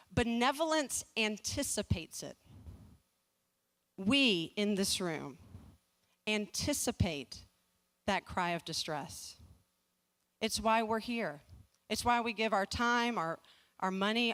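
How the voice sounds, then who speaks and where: This Southern woman in her forties has a mid-range, fairly bright voice. She's delivering a funny personal story at a community fundraiser, timing her jokes, poking fun at herself, and often restarting and repeating words.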